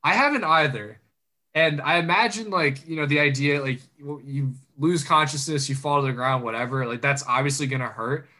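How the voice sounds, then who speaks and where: A man's voice: on the high side, moderate pace, sharp tone. A young man co-hosting a casual sports chat, joking and sarcastic, laughing often. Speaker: sports podcast co-host.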